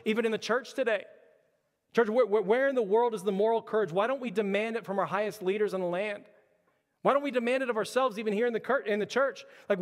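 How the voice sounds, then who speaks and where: Man, pastor, sermon, high voice, emphatic repeated questions, echoing church hall. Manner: repetitive, emphatic preaching with stammered restarts.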